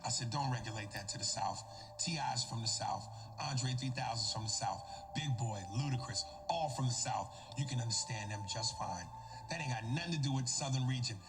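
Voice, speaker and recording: A man's voice: medium pitch, a little fast, big-room sound, music in the background. A man ranting brashly and profanely in a played clip, mimicking people he argues with. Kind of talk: heated stand-up style ranting.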